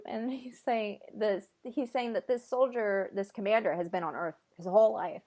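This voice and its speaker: A woman's voice: medium pitch, steady tone, normal speed, mellow. A woman on a video call who passes on a guest's words in casual chat and often laughs. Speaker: host relaying a channeled guest's words.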